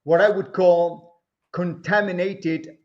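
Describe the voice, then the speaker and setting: A man answering interview questions in a slow, measured way, pausing often with fillers. His voice sits slightly high. The remote audio sounds dull and lo-fi. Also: steady tone, a little mellow. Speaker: author and interview guest.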